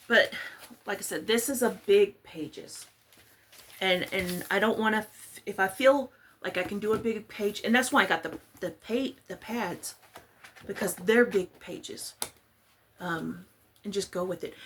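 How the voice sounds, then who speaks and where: A woman's voice: mid-range voice, a bit bright, husky. A woman from Texas, chatting casually and rambling as she works on a craft project. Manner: chatty, rambling, self-deprecating. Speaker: crafting vlogger. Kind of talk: casual chat while crafting.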